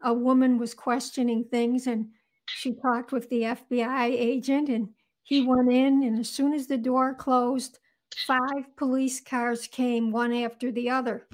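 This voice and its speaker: A woman's voice: fairly high pitch, level tone, unhurried. A woman being interviewed as an author, earnestly recounting events in vivid detail. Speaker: guest author. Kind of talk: interview storytelling.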